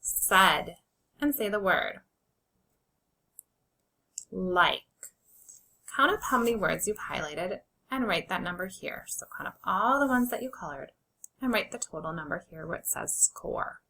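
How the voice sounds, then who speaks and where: Slow, bright-voiced reading teacher woman. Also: medium pitch, animated, poor audio. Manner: slow, clear sounding-out of words; encouraging, addresses children as friends. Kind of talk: early reading lesson for children.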